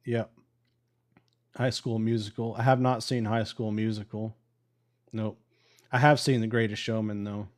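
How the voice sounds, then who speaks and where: A man's voice: fairly low pitch, level tone, unhurried, long pauses. A married man hosting a live stream, telling a story casually with swearing and laughs. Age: adult with a wife. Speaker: livestream host. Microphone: live stream microphone.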